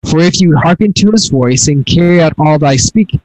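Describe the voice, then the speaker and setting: A man's voice: on the high side, expressive, a little fast, a little mellow, no room sound, poor audio. A middle-aged man teaching from the Torah in an earnest way, often repeating and restarting his words. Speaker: Bible teacher.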